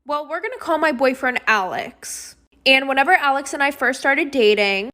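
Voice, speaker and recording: A woman's voice: sits high, a bit bright. A young woman narrating personal storytimes in a chatty, dramatic way with sarcastic asides.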